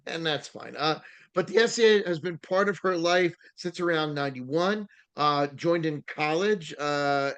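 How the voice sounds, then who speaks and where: A man's voice: a little high, fairly bright tone, smooth. A man hosting a podcast in casual chat, rambling with frequent fillers and restarts. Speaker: podcast host.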